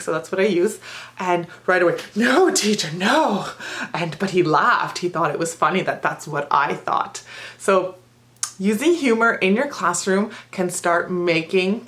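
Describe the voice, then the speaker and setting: Lively woman teacher, lowish voice. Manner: lively storytelling, acts out students and herself. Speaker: ESL teacher. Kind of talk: teaching tips video.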